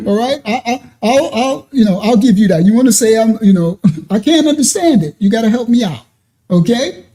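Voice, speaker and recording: A man's voice: very high voice, animated, normal speed, dark tone. A man hosting a ministry channel, reacting to a clip and talking straight to commenters, laughing often.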